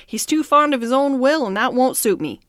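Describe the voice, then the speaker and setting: Rough, hot-tempered builder, read by a woman. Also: sits high, expressive, moderate pace, fairly bright tone, no echo, studio quality, voice pushed up. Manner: rough and passionate.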